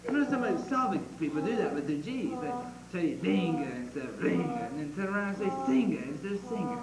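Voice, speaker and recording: A man's voice: sits high, sing-song, brisk, over a noisy crowd. A man playing an impatient, pompous phonetics professor in a stage musical, lecturing and drilling his pupil. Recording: echoey hall from far off, noisy.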